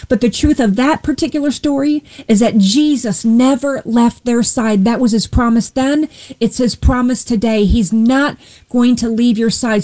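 A woman shares a personal Christian testimony in a high, soft-toned voice. She retells a Bible story with earnest storytelling and voices the people in it. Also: rough recording. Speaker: guest sharing faith testimony.

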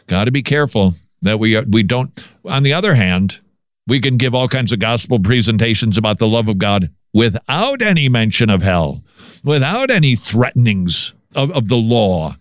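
A man hosting a commentary show who talks in a lively way and often restarts his words. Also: medium pitch, normal speed, dry recording, clean studio sound. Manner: animated, repeats words when restarting. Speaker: podcast host. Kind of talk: casual commentary on news.

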